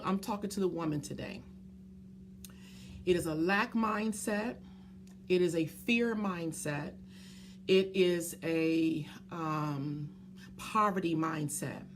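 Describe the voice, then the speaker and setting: A woman's voice: on the low side, a little hiss or hum. A woman business coach in a live stream, speaking earnestly from the heart to viewers, often stopping to greet them by name, with many ums and restarts.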